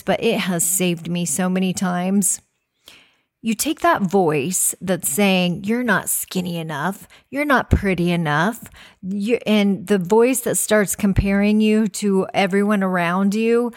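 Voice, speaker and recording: A woman hosts her own podcast in a relaxed, chatty monologue. Her voice sits at an ordinary middle pitch. She keeps encouraging the listener and often restarts her sentences mid-thought. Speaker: podcast host. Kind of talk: casual monologue.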